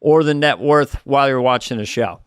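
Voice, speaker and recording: Smooth, dry-voiced man riffing. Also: medium pitch, brisk, dry recording. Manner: rambling, acts out quoted lines. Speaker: podcast co-host. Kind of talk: casual comedy chat.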